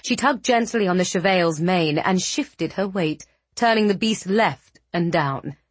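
A woman narrating a fantasy novel with measured, dramatic storytelling. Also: on the low side, lively intonation, husky, no echo. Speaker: audiobook narrator.

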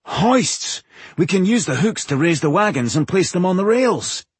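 A male narrator voicing a calm, knowledgeable male dwarf scholar who explains things patiently. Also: mid-range voice, a little fast, breathy edge, dry recording, pitched above the performer's own voice. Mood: enthusiastic. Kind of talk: audiobook character voice.

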